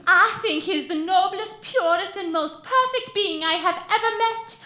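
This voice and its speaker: A woman's voice: very high voice, measured pace, bright, forceful tone, slight background noise, heavily acted. A woman playing an earnest young milkmaid torn between duty and love, acting melodramatically on stage. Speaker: stage actor. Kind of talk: amateur stage musical acting. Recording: echoey theater stage.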